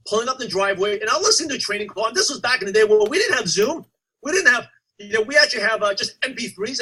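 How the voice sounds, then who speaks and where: A man coaches a sales team in a lively motivational talk, slipping into his younger self as he tells stories. His voice sits high and bright, with a husky edge to it. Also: low-quality recording. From United States. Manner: animated storytelling, acts out his past self. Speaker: network marketing coach.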